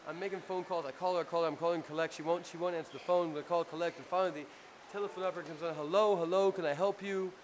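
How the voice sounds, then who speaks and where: A man with a New Jersey accent telling a rambling, profane story in a casual, animated way after a show. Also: a little high, very fast, few pauses. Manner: profane, rambling, animated anecdote with acted-out quotes. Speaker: punk band frontman telling a story. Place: crowded club after a show. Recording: noisy live club recording.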